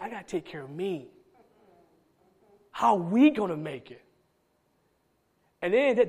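High-voiced man preaching with swinging dynamics. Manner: dynamic preaching, swinging from loud emphatic calls to soft low asides. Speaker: pastor. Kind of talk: sermon.

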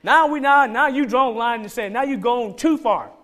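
A man's voice: extremely high pitch, fairly quick, fairly bright tone. A man with a Georgia Southern accent preaching a sermon as pastor, emphatic and repeating key phrases for stress.

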